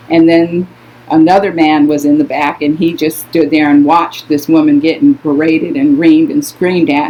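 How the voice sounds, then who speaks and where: An older woman with a deep, darkish voice tells stories in casual conversation with her adult daughter, sounding emphatic, outspoken and indignant. The recording is muffled and lo-fi.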